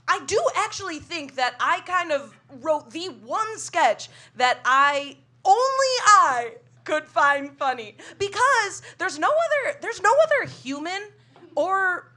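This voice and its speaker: A woman's voice: very high-pitched, sing-song, slow pace, pushed and bright. A woman comedy contestant chatting casually, giggly and self-deprecating, rambling as she explains her sketch. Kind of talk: casual chat and sketch acting.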